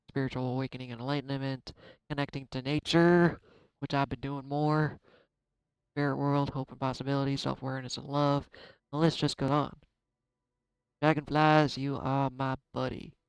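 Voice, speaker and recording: A man giving a casual tarot card reading, chatty and self-deprecating, thinking out loud. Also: medium pitch, level tone, moderate pace, clear, resonant tone, dry recording, poor audio. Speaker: tarot reader.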